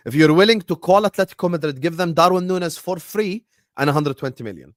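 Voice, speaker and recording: A young man hosting a football show, ranting to a live chat in an exaggerated, repetitive, mock-pleading way with loud outbursts. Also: fairly high pitch, expressive, quick pace, dry recording, clean studio sound. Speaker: football channel host. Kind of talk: animated solo football rant to a live chat.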